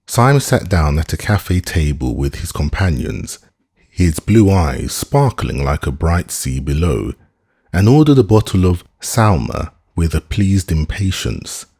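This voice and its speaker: Audiobook narrator, male, very deep and slightly husky voice, measured and expressive delivery. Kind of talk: scripted narration.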